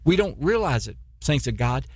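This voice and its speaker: A man's voice: medium pitch, big pitch swings, normal speed, a little mellow, breathy edge, dry recording. A middle-aged man preaching a sermon in a folksy way, with stammering restarts and many repetitions. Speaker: preacher, former military missionary.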